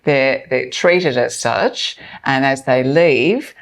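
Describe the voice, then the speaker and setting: A woman from a relief organisation talking in an interview, a lively storyteller who laughs easily. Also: a bass voice, slow. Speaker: emergency relief organisation representative. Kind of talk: conversational interview.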